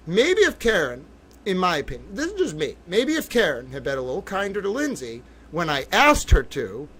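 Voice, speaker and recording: Excitable livestream host, bright-voiced man. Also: fairly high pitch. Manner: excitable, theatrical, swings between mutters and shouts. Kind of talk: livestream commentary.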